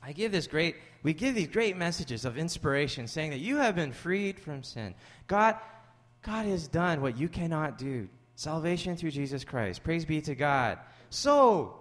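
A man's voice: on the high side, in a large hall. A man preaching a sermon as pastor, conversational, mixing scripture with jokey asides to the congregation. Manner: conversational, jokey asides, rising animated when joking. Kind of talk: sermon with storytelling.

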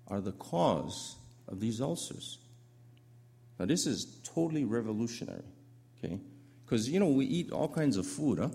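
A man delivers a medical lecture over slides, his voice fairly low and husky. He tells the story in a lively, conversational way, tossing asides to the audience.

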